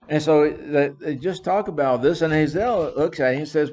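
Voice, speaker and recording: A man's voice: on the high side, moderate pace, hardly any pauses, darkish tone. Man teaching Bible study, conversational. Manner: retells scripture in plain words, with frequent restarts and fillers.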